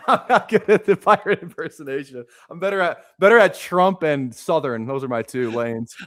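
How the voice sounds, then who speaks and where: Relaxed male co-host, rambling and casual, dry close mic. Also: fairly high pitch, normal speed, no room sound. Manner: easygoing, rambling, with fillers. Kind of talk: casual chat on a live stream.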